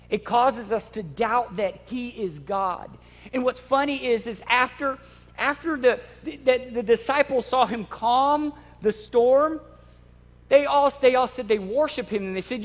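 Very high-voiced man preaching in a hall. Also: a little slow. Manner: emphatic, dramatic and animated, often repeating words. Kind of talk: sermon. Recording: long hall reverb.

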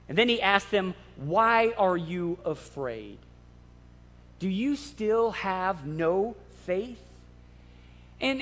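A man preaching a sermon in an emphatic, animated way, often repeating his words. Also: very high voice. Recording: long hall reverb.

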